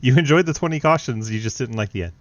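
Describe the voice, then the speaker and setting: A laid-back male host interviews drivers with easy teasing and frequent laughter, his voice at an ordinary pitch. The sound is dry and a little dull, like a lo-fi voice chat mic. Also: lively intonation, fast talker, dry recording. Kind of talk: casual post-race interviews.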